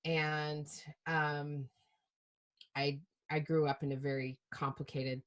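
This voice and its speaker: Low-voiced woman telling candid stories. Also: slow. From Utah. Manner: animated, self-mocking, laughs often. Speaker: podcast guest, preacher. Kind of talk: candid storytelling chat.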